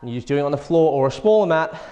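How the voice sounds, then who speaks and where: A man's voice: fairly high pitch, lively intonation, racing, mellow, dull audio. A man leading a workout as fitness instructor, counting reps and urging people on, out of breath as he exercises along. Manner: encouraging, counts reps aloud while exercising. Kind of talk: workout coaching. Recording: long hall reverb.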